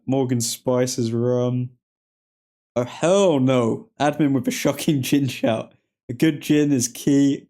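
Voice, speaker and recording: A man's voice: medium pitch, warm tone. A man with an English accent casually hosting a football watchalong, chatting and reacting to viewer comments. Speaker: livestream host.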